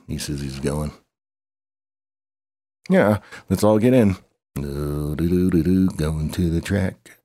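Man, very deep voice, dark tone, dry sound, rambling excitable storyteller. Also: no room sound. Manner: rambling, excitable, with grunts and humming. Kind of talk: improvised story with banter.

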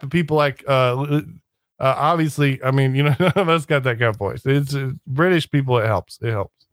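A man's voice: mid-range voice, a little fast, dry recording. Dry-voiced rambling man, casual chat. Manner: rambling, many restarts, sneering asides.

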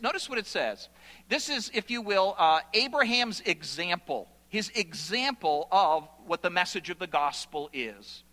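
A male pastor preaching a sermon, explaining scripture in an animated way with sudden loud bursts. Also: high voice. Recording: long hall reverb.

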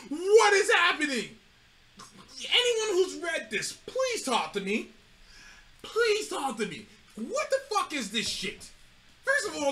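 High, animated man laughing through stories. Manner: animated storyteller, laughs often, swears freely. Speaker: podcast co-host. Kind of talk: casual chat.

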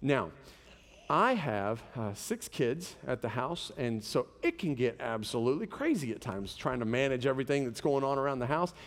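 A man's voice: mid-range voice, very animated, normal speed, long reverb tail. A pastor in his thirties preaching a sermon, conversational and telling stories with humor.

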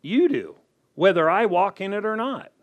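A man's voice: high-pitched, sing-song, moderate pace. A man preaching a sermon as pastor, reading scripture aloud and putting rhetorical questions to his congregation.

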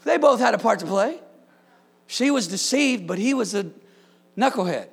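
A man with a very high, gravelly voice preaches a sermon to his congregation. He shouts his key points for emphasis and slips into playful, joking asides between them. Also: expressive, normal speed. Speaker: pastor. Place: church.

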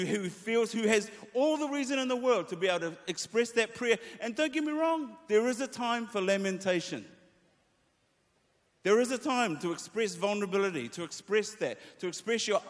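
A man preaching a sermon to worship leaders, reading scripture aloud with feeling and speaking with lively emphasis. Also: high voice, moderate pace. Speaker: pastor. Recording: long reverb of a hall.

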